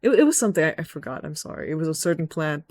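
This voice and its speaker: A woman's voice: low-pitched, expressive, very fast, darkish tone, no echo, clean studio sound. A young woman casually recapping a video game story, rambling and playful, often correcting herself.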